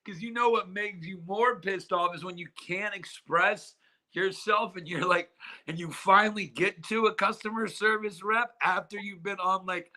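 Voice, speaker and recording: A man chatting casually on a podcast in a fairly high, bright voice. His talk is loose and slangy, with "dude," "bro" and the odd curse word. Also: fairly even intonation, normal speed. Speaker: podcast co-host.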